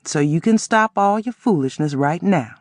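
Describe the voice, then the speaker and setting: A man voicing a wheezing old man who speaks in a low, weak voice with a blunt, folksy manner in an audiobook. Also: expressive, moderate pace, no room sound, studio quality, lightly acted.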